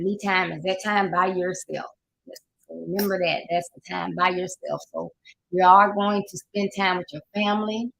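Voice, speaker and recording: A woman's voice: mid-range voice, a little hiss or hum, poor audio. An older woman with a Southern US accent, hosting a casual motivational talk, folksy and preachy, sometimes laughing as she talks. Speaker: life coach host.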